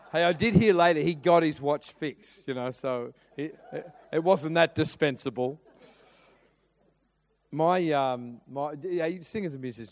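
A middle-aged man preaching a sermon, telling a story with lots of restarts and acted-out quotes. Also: mid-range voice. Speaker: pastor.

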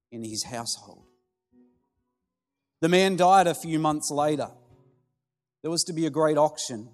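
A man telling a parable in a sermon, in a slow, dramatic storytelling way. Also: a little high. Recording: long hall reverb with soft music.

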